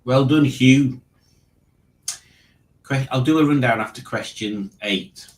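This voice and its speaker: A man from Liverpool, England hosts a casual online quiz, reading out the questions and joking about them in a wry, mocking way. He speaks slowly in a mid-range voice, and the recording is roomy and rough.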